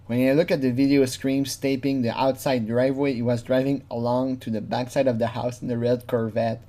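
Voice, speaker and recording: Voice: medium pitch, level tone, fairly quick, hardly any pauses, dark tone. A casual true crime commentator who talks freely, laughs often, swears, and mimics the people being quoted.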